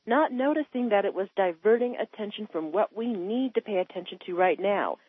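A woman calling in to a talk radio show, ranting about politics with passion, her voice climbing high when she is upset. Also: fairly quick, slightly rough, no echo. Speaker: caller. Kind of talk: heated political phone-in rant. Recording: tinny phone line.

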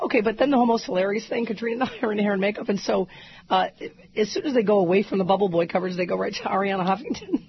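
Hoarse, laughing woman radio host. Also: mid-range voice, racing, background noise. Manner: laughs a lot, jokey, chatty. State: hoarse from a cough. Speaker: radio talk show host. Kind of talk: casual comedic talk radio banter. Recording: dull radio broadcast audio.

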